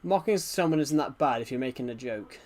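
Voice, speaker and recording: A young man streaming a game, talking in a soft, quiet, subdued voice as he chats casually. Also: medium pitch, lively intonation, fairly quick. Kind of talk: casual gameplay commentary.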